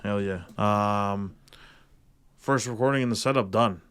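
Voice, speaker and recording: A man's voice: on the low side, unhurried, fairly bright tone, clear, resonant tone. A young man hosting a casual podcast, talking in a loose, laid-back way with lots of swearing. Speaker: podcast host. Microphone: podcast studio mic.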